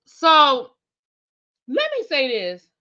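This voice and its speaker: A woman hosts a TV review channel, recapping an episode in loose, chatty talk. She thinks aloud and speaks straight to her viewers, in a bright, forward voice. The sound is dull and lo-fi. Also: high voice, huge pitch swings, extremely slow. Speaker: TV review host. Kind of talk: casual recap chat.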